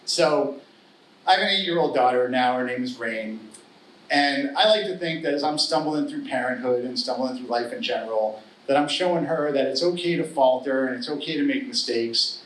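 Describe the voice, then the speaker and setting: A man's voice: mid-range voice, normal speed, a bit bright. A middle-aged man telling a true story at a live story slam, wry, earnest and humorous. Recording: roomy live hall, distant mic.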